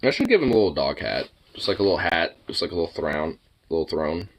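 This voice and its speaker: A man's voice: sits low, very animated, quick pace. A man chatting casually to his dog, rambling, swearing freely and slipping into baby talk. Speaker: dog owner vlogger.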